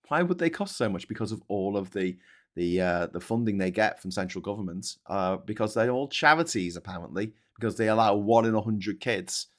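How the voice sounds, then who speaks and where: Swearing, ranting male show host. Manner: exasperated ranting, heavy swearing; swings between loud high outbursts and low mutters. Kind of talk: casual live-stream commentary.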